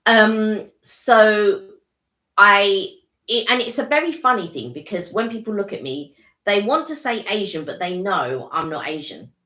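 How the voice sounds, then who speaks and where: A woman's voice: medium pitch, expressive, unhurried, sharp tone, reverberant. An English woman co-hosting a casual live-stream chat, talking in rambling runs that restart and trail off. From England. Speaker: co-host.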